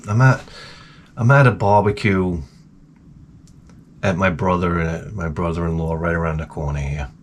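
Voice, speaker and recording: A man rambling in a casual, profane rant full of dark jokes, as a gaming vlogger. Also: low voice, a little hiss or hum. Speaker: retro gaming YouTuber.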